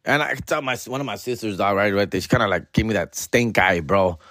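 A podcast host rambles through a story alone at home, full of "fool" and "dog". He is animated and slips into Spanish, doing higher voices for family. The sound is dry and close. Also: a little fast, no room sound. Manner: slangy, peppered with "fool" and "dog", switches into Spanish. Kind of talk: casual storytelling monologue.

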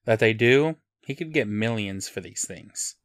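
A man's voice: lowish voice, animated, measured pace, no echo, studio quality. A man co-hosting a podcast, chatting casually and teasing his co-host. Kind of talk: casual chat.

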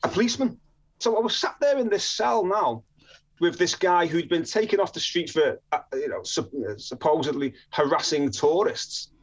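Northern man, storytelling, rambling restarts, fairly high voice, dull lo-fi sound. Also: animated, normal speed. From northern England. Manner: chatty, frequent restarts and chuckles. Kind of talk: personal storytelling.

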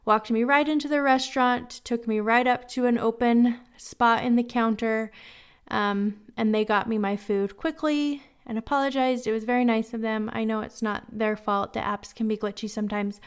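A woman's voice: fairly high pitch, clear, resonant tone. A woman hosting a podcast, telling a candid, self-deprecating story in a casual, chatty way and giving friendly advice. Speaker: podcast host.

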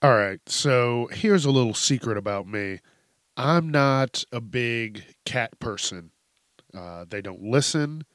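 A man's voice: medium pitch, expressive, takes it slowly, a bit bright, faint music behind. A man hosting a podcast, telling stories in a casual, profane way and laughing often. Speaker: podcast host. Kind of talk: casual comedic storytelling.

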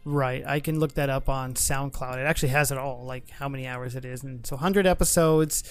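A man co-hosting a casual podcast, chatty and quick to laugh, with frequent restarts. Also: mid-range voice, steady tone, soft background music. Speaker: podcast co-host. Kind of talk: casual chat.

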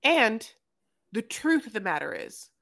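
Woman, podcast co-host, casual recap chat, swears a lot, higher voice. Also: very animated, fairly bright tone. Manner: fast, profane, acts out quotes in silly voices.

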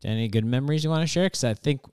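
A man's voice: medium pitch, very fast, darkish tone, clean tone, no echo, clean studio sound. Jokey rambling podcast host man. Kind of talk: casual chat. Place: podcast studio.

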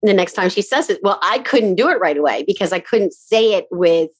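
Brief: middle-aged woman, interview host, chatty storyteller who laughs a lot, mid-range pitch. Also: animated, fairly quick, slightly rough. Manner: chatty storyteller, laughs often, acts out quotes. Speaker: podcast host. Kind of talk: casual conversational interview.

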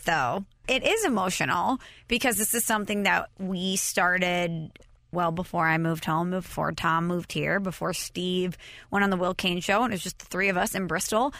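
A woman hosting a studio podcast, upbeat and teasing as she chats. Her voice sits at a middle pitch, and the recording is dry and close to the mic. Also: normal speed, a bit bright, no echo. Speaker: podcast host. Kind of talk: casual podcast chat.

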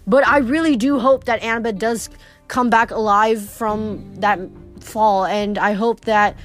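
A woman's voice: fairly high pitch, steady tone, a little slow, faint music behind. A woman reading a novel aloud, stumbling and correcting herself now and then. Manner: casual, stumbles and self-corrects. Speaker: reader.

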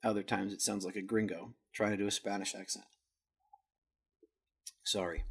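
In a lowish, slightly rough voice with vocal fry and fairly even intonation, a male podcast host gives a casual rundown of a footballer's career at a normal speed. He stumbles on Spanish words and jokes at his own expense.

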